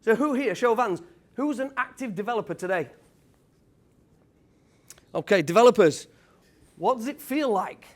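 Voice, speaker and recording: Upbeat high-pitched British male speaker, blunt tradesman manner, working a live room. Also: normal speed, long pauses. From United Kingdom. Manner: energetic, quizzes the crowd, blunt tradesman talk. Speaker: speaker at a property event. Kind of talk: motivational talk to a live audience.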